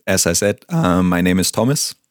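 A young man from Bavaria with a German accent, tutoring as a native speaker and giving short, clear model pronunciations. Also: sits low, expressive, normal speed, no echo, clean studio sound.

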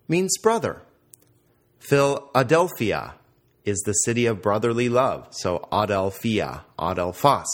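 A man teaching a Greek grammar lesson, explaining patiently and quizzing the listener. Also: lowish voice.

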